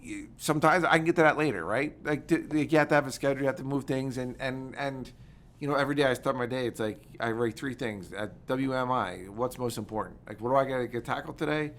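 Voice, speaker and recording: Fast-talking man, lots of fillers. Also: medium pitch. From United States. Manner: rapid, animated storytelling with many fillers. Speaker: podcast guest. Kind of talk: casual interview talk.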